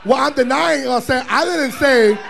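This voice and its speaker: A man with a very high speaking voice tells a story in an animated way. He is loud and cheeky, swears freely, and laughs as he goes, like someone on a panel at a bar viewing party. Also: normal speed, vocal fry. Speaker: drag performer guest. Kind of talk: animated live panel chat.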